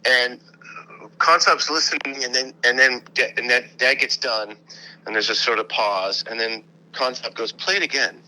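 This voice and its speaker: A man, a guest on an interview show, telling a story in a casual, animated way, laughing often and acting out the voices of the people in it. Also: medium pitch, normal speed, rough recording.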